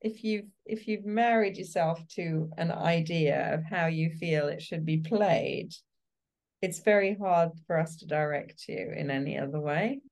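A woman casting director talks through her work as an interview guest. Her delivery is animated and conversational. She laughs easily and acts out the reactions of the actors she describes. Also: fairly low pitch, a little slow.

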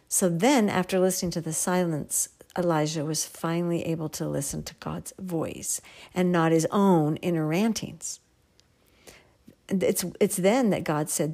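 A woman giving a devotional Bible teaching in a gentle, earnest way, sometimes dropping to a near whisper for emphasis. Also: fairly low pitch.

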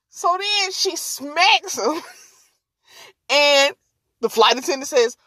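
A woman podcast host telling a story in an animated, slangy, casual way and laughing often. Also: high-pitched, takes it slowly, pauses often, no echo.

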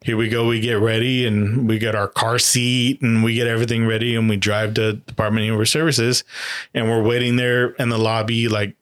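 A man telling a personal story in a halting, casual way, with many fillers and restarts. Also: mid-range voice, flat delivery. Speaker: guest, adoptive parent.

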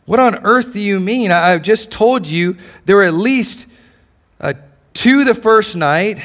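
Bewildered young boy from a storybook read by a male preacher, higher voice. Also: expressive, measured pace, fairly bright tone. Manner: reading aloud, questioning.

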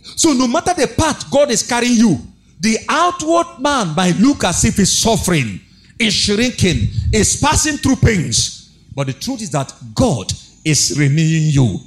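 A man's voice: high-pitched, big pitch swings, unhurried, soft background music. A man preaching a sermon, exhorting with rhetorical questions, repeated phrases and a sing-song emphasis.

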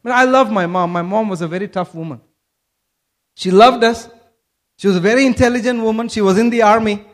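High-voiced preaching man from Kerala. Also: fairly quick. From Kerala, India. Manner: animated preaching with rhetorical questions to the congregation. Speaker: pastor. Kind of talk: sermon.

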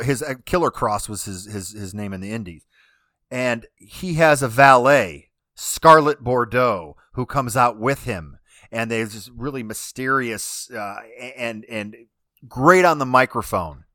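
A man co-hosting a casual podcast, ranting in an animated way and often restarting his sentences. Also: medium pitch, unhurried, no room sound, studio quality. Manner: animated, ranting, talks over himself with restarts. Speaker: podcast co-host. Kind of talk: casual chat.

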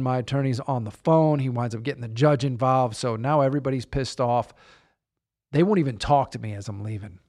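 Man telling a story with lively acted quotes. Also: mid-range voice. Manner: animated retelling, acts out quotes. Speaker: guest. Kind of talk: conversational storytelling.

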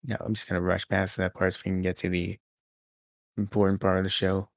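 A young man with a low voice talks wrestling on a casual podcast and gets excited as he retells the show. He acts out what the wrestlers said. The sound is close and dry, with no room around it. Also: fairly quick, no echo. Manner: excitable recapper, acts out quotes. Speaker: podcast co-host.

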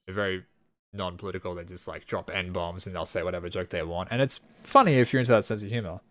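A man's voice: sits low, fast, fairly bright tone, dry recording. A man co-hosting a podcast, chatting casually and swearing as he tells a story. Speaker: podcast co-host.

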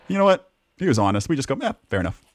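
A man co-hosting a podcast, telling animated anecdotes from his working life with many restarts. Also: mid-range voice, no room sound. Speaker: podcast co-host. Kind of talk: casual chat.

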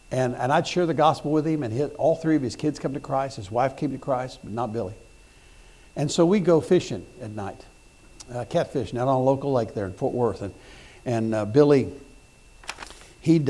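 A man's voice: mid-range voice, slightly rough. Folksy preaching man. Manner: folksy storytelling with repeated words and restarts; rises to loud emphatic preaching. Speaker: pastor. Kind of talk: sermon.

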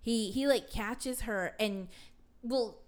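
A young adult woman chats casually with a friend, rambling through a retelling of a film, full of fillers and casual swearing. Her voice sits on the high side, and she speaks slowly.

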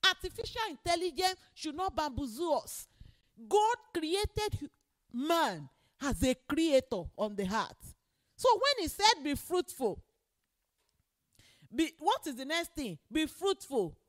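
A woman's voice: high-pitched, big pitch swings, measured pace. A woman preacher delivering an emphatic sermon and repeating key phrases for weight.

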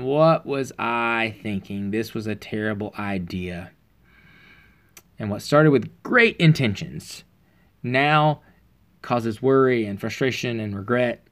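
A man preaching in a relaxed, earnest, conversational way, telling a personal story with frequent pauses and fillers. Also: mid-range voice.

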